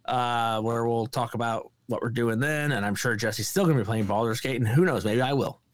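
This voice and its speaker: With a medium-pitched voice and brisk delivery, this man co-hosts a podcast, telling stories, cracking up often, and cursing freely in casual conversation. There's no room sound on the recording.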